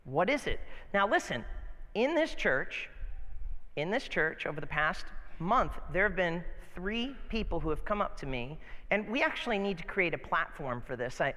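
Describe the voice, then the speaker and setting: A male pastor delivers an animated, playful sermon, often repeating his phrases. His voice is high and bright. The church hall gives it a long reverb. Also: normal speed.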